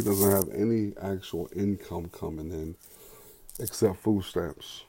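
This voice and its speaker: A man's voice: low voice, takes it slowly, gravelly, dark tone, husky. A man reading a book chapter aloud and breaking off into casual, slangy commentary for his listeners. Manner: casual, slangy asides between read passages.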